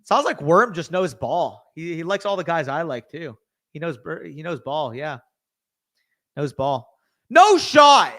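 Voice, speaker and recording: A young man with a slightly high voice hosts a long live stream and chats casually with his viewers. He reacts loudly, swears often and sounds a little worn down by the late hour. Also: measured pace. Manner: excitable, swears freely, talks to chat. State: tired, hiccuping.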